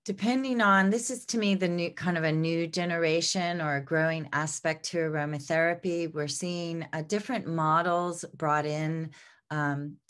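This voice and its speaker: A middle-aged woman with a low voice gives an unscripted lesson as she works through her slides. She sounds a little congested and often pauses on ums and restarts as she looks for the words. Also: steady tone, fairly bright tone. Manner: unscripted, many fillers and restarts. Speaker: aromatherapy teacher.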